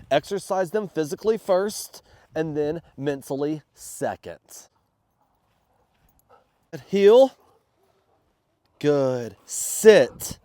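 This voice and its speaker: A man's voice: a little high, no room sound. Sick man training his dog. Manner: loud sharp commands between relaxed explanations. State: sick, congested. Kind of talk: casual how-to vlog, giving dog commands. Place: outdoors in a backyard.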